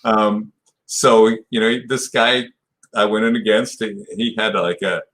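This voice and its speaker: A man's voice: on the low side, fairly even intonation, measured pace, a bit bright. Older man rambling through a story. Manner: rambling retelling, full of "you know" and restarts. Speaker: podcast guest, martial arts black belt. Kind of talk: storytelling in a podcast interview.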